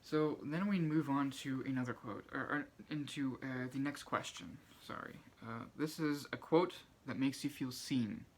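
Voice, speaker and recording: A soft-spoken man with a mid-range voice reads out favourite quotes from books and talks about why they matter to him. He is shy and hesitant, often stopping to restart a phrase and filling gaps with ums and uhs. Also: mid-range voice, unhurried, few pauses. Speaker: book channel host. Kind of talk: reading quotes aloud and commenting.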